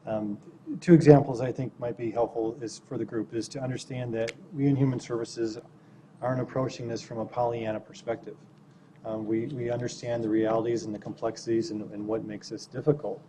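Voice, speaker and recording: A man's voice: mid-range voice, flat delivery, a little fast, noisy background. A man from city human services giving anecdotal remarks at a public meeting, telling stories in a self-deprecating way and often checking in with "right?".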